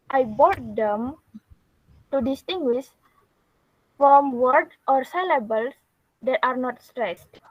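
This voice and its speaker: A young woman, a university student, giving a class presentation in a careful, halting way with pauses. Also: high voice, dry recording. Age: young adult. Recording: dull lo-fi recording.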